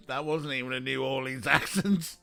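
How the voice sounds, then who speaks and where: A man's voice: mid-range voice, steady tone, unhurried, creaky, bright, forceful tone, smooth, faint music behind. A man streaming an adventure game, making joking asides and laughing at the dialogue. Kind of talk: casual let's play commentary.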